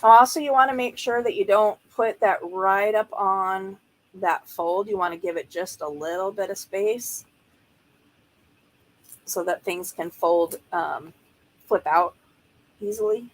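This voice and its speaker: Woman, casual craft tutorial, relaxed and chatty, thinks aloud mid-task, middle pitch. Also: a little slow, rough recording. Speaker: journaling crafter.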